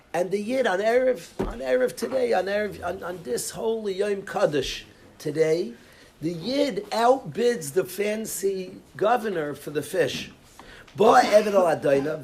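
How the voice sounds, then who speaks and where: A man's voice: high-pitched, darkish tone, slight background noise. A rabbi teaching a lecture class, telling a story and explaining each source line while often repeating and restarting his phrases.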